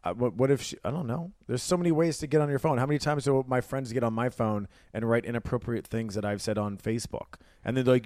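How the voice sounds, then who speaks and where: A man's voice: medium pitch, steady tone, quick pace, hardly any pauses, a little mellow, no room sound, studio quality. A man in his thirties co-hosting a podcast, rambling and trailing off mid-sentence. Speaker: podcast co-host. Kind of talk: casual chat.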